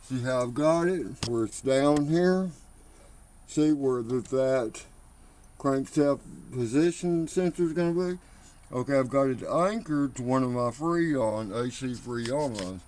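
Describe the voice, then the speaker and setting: A man talks slowly through a truck repair, pointing out parts as he goes and sounding a little out of breath. He speaks at an ordinary pitch with a rambling, offhand manner. The sound is a phone recording made outdoors, with faint noise behind him. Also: darkish tone. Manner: slow, rambling, talks while working. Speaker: home mechanic. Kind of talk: casual how-to video.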